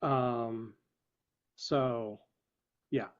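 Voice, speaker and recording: A man reminiscing fondly in casual chat with the group, halting and thoughtful. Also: mid-range voice, fairly even intonation, smooth. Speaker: player. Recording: muffled lo-fi audio.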